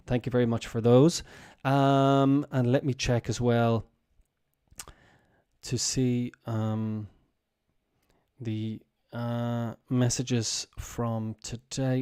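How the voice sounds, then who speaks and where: A man hosts a relaxed livestream English lesson in a mellow, warm voice at a middle pitch. He talks loosely with plenty of fillers and patiently repeats example words for his learners. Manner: loose and chatty, many fillers. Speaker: English teacher and stream host.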